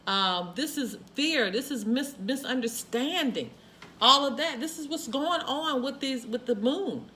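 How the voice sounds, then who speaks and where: Bright-voiced woman giving an emphatic tarot reading. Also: sits high, lively intonation, measured pace, a little hiss or hum. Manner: emphatic, repeats phrases, frequent exclamations. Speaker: tarot reader. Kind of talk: spoken tarot card reading.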